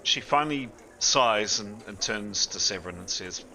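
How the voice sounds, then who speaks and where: A man narrating as game master of a tabletop game, descriptive and slightly halting. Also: on the low side, lively intonation, bright, forceful tone, slight background noise.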